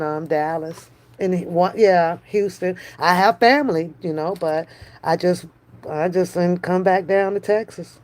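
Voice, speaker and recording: A woman hosting a live stream, chatting casually with viewers in a slow, drawn-out way, often brushing things off with a dismissive "mm-mm". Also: mid-range voice, darkish tone. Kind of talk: casual chat.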